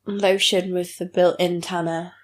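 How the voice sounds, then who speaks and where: A woman's voice: lowish voice, level tone, a little slow. A young woman on a podcast as a guest, chatting frankly and making fun of herself. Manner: frank, self-mocking, laughs often. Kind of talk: casual chat.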